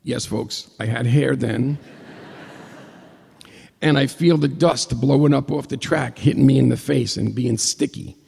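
An older man telling a comic personal story, animated and acting out the dialogue. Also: mid-range voice, a little slow, creaky, breathy edge. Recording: long hall reverb.

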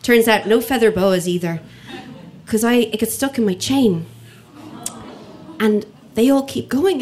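A woman telling a funny personal story to an audience, lively and acting out the voices of people in it. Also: a little high, a little slow, pauses often, slight background noise. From Ireland. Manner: lively comic delivery, acts out quoted voices.

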